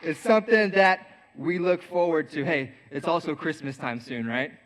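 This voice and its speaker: A man's voice: a little high, normal speed. A young man giving a youth sermon. He jokes with the crowd and tells a story, acting out the voices in it. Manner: lively, joking with the crowd, acts out voices in his story. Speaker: youth pastor. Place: church youth service before an audience.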